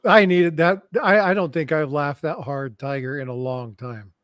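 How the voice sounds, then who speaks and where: A man's voice: on the high side, normal speed, a bit bright, no room sound. A man hosting a casual live stream, laughing often and reading comments from the chat.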